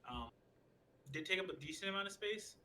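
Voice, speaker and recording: A man co-hosting a podcast at home, chatting loosely and swearing freely. His voice is bright and he often slips into acted-out quotes. Faint noise sits behind the mic. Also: high-pitched, expressive, fairly quick, rough recording. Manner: laid-back, swears a lot, acts out quotes and laughs often. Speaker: podcast co-host. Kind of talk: casual podcast chat.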